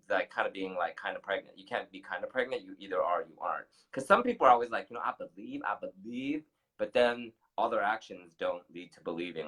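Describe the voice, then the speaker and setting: A middle-aged man with a fairly low voice talks earnestly on a casual talk show. His manner is motivational and warm-hearted, and he laughs easily. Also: rough recording. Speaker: co-host.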